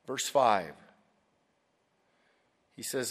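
A man preaching a sermon, dramatic, dropping to a hush and then rising loud. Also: mid-range voice, animated, measured pace. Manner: dramatic, swings from hushed to loud. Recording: long hall reverb.

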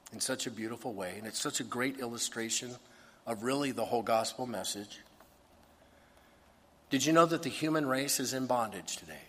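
A man preaching a sermon as a pastor, earnest, dropping to a hush and then rising to emphasis. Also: mid-range voice, in a large hall, slight background noise. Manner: earnest, shifts between hushed and emphatic.

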